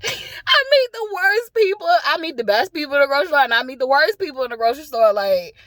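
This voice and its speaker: High-voiced woman ranting bluntly in her car. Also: very animated, quick pace, fairly bright tone, no room sound. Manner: blunt, profane, laughs often between lines. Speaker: vlogger. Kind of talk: casual rant to camera. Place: parked car.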